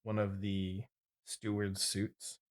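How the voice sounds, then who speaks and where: A man chatting as a tabletop game player, slow and laid-back with a dreamy drift. His voice is low-pitched. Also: completely flat delivery. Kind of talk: casual chat.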